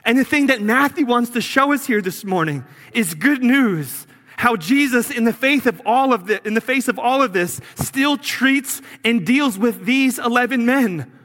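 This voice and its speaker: A man preaching a sermon as pastor, earnest, sometimes dropping low and quiet for emphasis. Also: animated, normal speed, long reverb tail.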